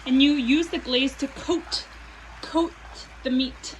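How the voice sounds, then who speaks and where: A woman's voice: sits high, fairly even intonation, slow pace, a little hiss or hum, rough recording. A young woman, a doctoral student, chatting upbeat to her viewers in a casual vlog. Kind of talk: casual vlog narration to camera.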